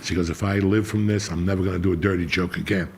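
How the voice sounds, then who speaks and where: A man's voice: sits low, fairly even intonation, quick pace, slight background noise. A middle-aged man telling a blunt, profanity-heavy personal story in casual chat as a podcast host.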